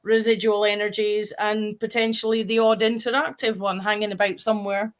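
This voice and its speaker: A woman's voice: medium pitch, flat delivery, a little fast. Matter-of-fact woman telling stories. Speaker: podcast co-host. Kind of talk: casual chat.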